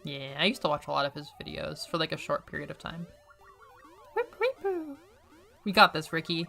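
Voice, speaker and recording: A woman's voice: deep voice, fairly even intonation, fast talker, creaky, pushed and bright, faint music behind. A young woman chatting casually while playing a video game, rambling and swearing freely. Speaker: gaming streamer.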